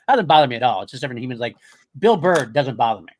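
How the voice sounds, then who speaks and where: A man co-hosting a podcast, talking casually in a rambling, animated way and often correcting himself mid-sentence. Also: mid-range voice, racing. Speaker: podcast co-host.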